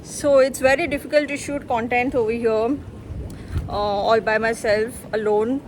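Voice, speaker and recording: A young woman, chatting excitedly to viewers in a casual travel vlog. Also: on the high side, normal speed, slight background noise. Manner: chatty and excitable, keeps addressing viewers as guys. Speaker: travel vlogger. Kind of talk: casual vlog talk to camera. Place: resort villa and restaurant in hot weather.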